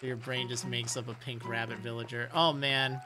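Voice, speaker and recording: A man's voice: mid-range voice, flat delivery, normal speed. A man streaming a life-sim game in casual commentary, chatting and laughing often as he talks to the characters. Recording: game music playing loud. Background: game music.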